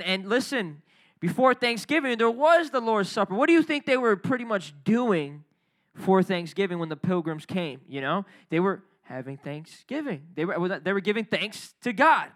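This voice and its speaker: High, bright-voiced energetic young preacher man. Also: normal speed. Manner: energetic, playful, calls out to the congregation. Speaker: pastor. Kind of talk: sermon.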